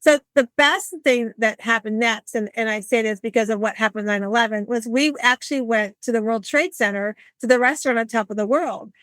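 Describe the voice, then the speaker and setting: A woman in her sixties hosting a podcast, telling stories in an animated, conversational way and acting out the people she quotes. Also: fairly high pitch, brisk, few pauses, dry recording. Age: 60s. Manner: animated, acts out quoted voices. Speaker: podcast host. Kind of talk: conversational storytelling.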